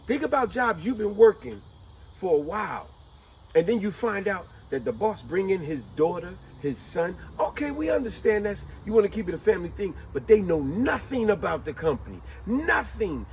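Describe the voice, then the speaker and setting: A man hosting a casual chat, telling a story in an animated, conversational way. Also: high-pitched, moderate pace, crowd noise, poor audio. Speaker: host.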